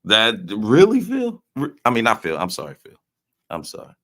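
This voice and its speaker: A man's voice: lowish voice, wildly swooping pitch, brisk, a bit bright. A man hosting a casual live stream, teasing his chat with loose slang and frequent laughs. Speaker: livestream host reading chat.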